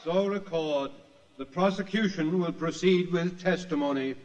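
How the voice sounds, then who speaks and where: An actor playing a stern, formal judge who speaks slowly, in 1940s radio acting. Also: male voice, on the high side, music in the background, lightly acted. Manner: slow, formal pronouncing. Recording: muffled noisy old radio recording.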